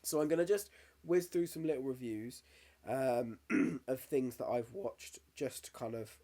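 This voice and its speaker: A man in his thirties co-hosts a podcast in relaxed, casual chat. He talks candidly and swears freely, and his voice sits at an ordinary middle pitch. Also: measured pace. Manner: candid, sweary, emotional storytelling. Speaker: podcast co-host.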